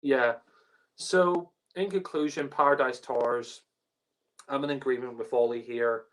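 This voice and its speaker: A man's voice: medium pitch, steady tone, a little slow, fairly bright tone, poor audio. A man co-hosting a casual review podcast. He talks bluntly and with exasperation, swears, and fills his speech with "you know" and "like.". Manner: blunt, exasperated, swears, heavy filler words. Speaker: podcast co-host reviewing episodes.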